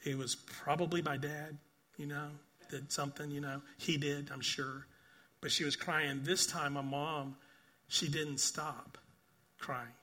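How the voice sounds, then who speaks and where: An older man preaches a sermon in a higher-leaning voice with a flat, unhurried delivery. As a pastor, he earnestly tells stories, repeats phrases, and asks "right?" again and again, swinging from emphatic bursts down to soft quietness.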